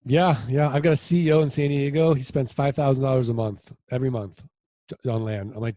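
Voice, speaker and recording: A man being interviewed as a land investor, telling stories in a casual, animated way with lots of quoted dialogue. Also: mid-range voice, brisk, no room sound, clean studio sound. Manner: animated anecdotes with voiced quotes.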